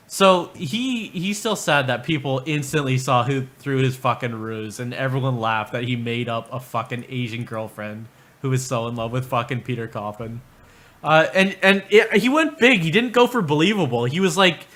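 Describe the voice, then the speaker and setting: A man's voice: mid-range voice, lively intonation, normal speed, sharp tone. A man ranting crudely on a livestream, rambling and mocking, often laughing. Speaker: streamer.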